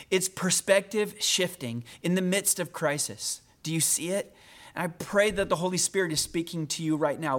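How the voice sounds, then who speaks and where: A man preaching a sermon as pastor, earnest, slowing down when he reads scripture aloud. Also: sits high.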